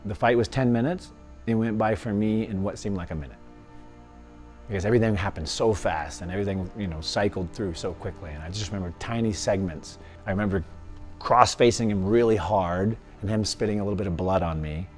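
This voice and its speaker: A man, a former fighter, telling his life story in an interview, lively and often laughing as he acts out what others said. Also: on the low side, a little fast, faint music behind.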